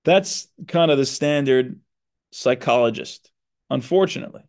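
A man's voice: mid-range voice, unhurried, darkish tone. A man who is a psychotherapist and podcast host, talking earnestly in a reflective monologue and stressing his points. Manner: earnest, explanatory, with emphatic stresses.

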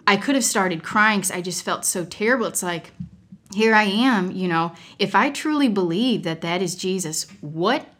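A woman's voice: medium pitch, lively intonation, normal speed, fairly bright tone. A mother sharing a personal story as a guest, frank and rambling, breaking into laughter often. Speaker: podcast guest; mother of several children.

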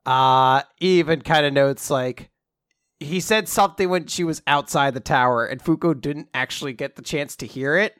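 A man talks loosely through a comic story, his voice sitting a little high. The sound is very dry and close. He laughs often, swears freely and slips into quick acted lines for the characters. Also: a bit bright, smooth, dry recording. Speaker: podcast co-host. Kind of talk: casual chat recapping a comic.

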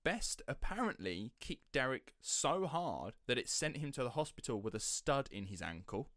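Man, podcast host, sceptical and chatty, mid-pitched, dry close sound. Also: sing-song, normal speed, fairly bright tone, dry recording. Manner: chatty, sceptical, slips into quoted voices. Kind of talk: casual storytelling chat.

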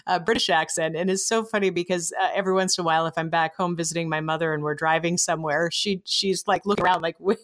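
A woman from the United States hosting a business podcast, chatting warmly and laughing often. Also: fairly low pitch, steady tone, fast, hardly any pauses. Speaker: podcast host. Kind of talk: casual interview chat.

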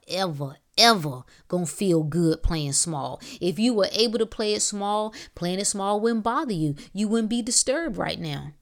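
Emphatic motivational woman podcaster. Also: fairly low pitch. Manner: preachy, emphatic, casual slang with drawn-out exclamations. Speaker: podcast host. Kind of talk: motivational monologue.

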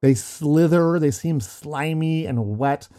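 Middle-aged male podcast host; warm, mellow voice; casual storyteller who restarts lines. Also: on the high side, slow. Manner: chatty, storytelling with frequent restarts and laughs. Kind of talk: casual chat.

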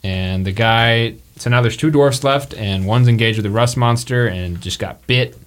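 A man's voice: mid-range voice, moderate pace. A man narrating a tabletop game as game master, joking and full of fillers.

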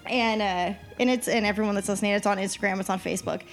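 Woman, podcast co-host, casual chat, animated storyteller, acts out quotes, mid pitch, faint music underneath. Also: fast. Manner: lively storyteller who acts out quoted dialogue. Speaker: podcast co-host giving a trip report.

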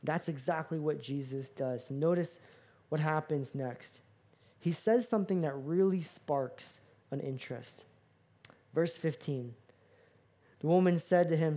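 A man preaching a sermon as a pastor, animated, acting out dialogue with playful asides. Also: on the high side, unhurried.

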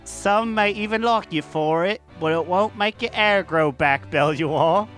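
A man's voice: sits high, unhurried, fairly bright tone, faint music behind, pitched above the performer's own voice. A man putting on a Cockney accent to voice a chatty, folksy woman fan who is prim and gossipy, in a sing-song manner that turns crude. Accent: Cockney, put on.

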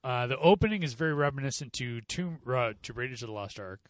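A man's voice: mid-range voice, lively intonation, quick pace, dry recording. An American man co-hosting a podcast, chatting casually and sarcastically about a movie and mocking bad accents. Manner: sarcastic, mocks accents in loud bursts. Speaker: podcast co-host. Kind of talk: casual movie review chat.

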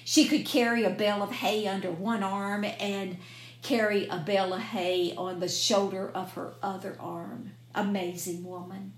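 An older woman speaks slowly and gently, giving a devotional talk on grief. Her measured delivery leans into the scripture she reads. The recording carries a roomy echo. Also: mid-range voice. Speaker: former hospice chaplain.

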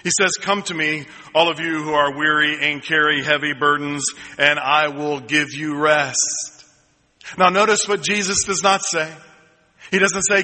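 A pastor preaching with a very bright, somewhat high voice. He tells a story slowly, then builds to ringing, repeated lines. A long reverb from the church sanctuary trails his words. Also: steady tone. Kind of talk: sermon.

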